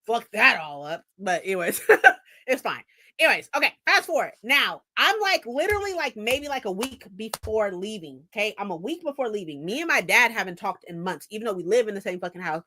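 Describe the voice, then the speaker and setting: A young woman in her twenties telling a story in a casual vlog, animated and profane, laughing often. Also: mid-range voice, a little fast, slight background noise. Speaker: vlogger.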